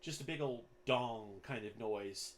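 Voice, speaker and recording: A man's voice: mid-range voice, measured pace. A man narrating as game master in a casual way, with fillers and the odd swear word.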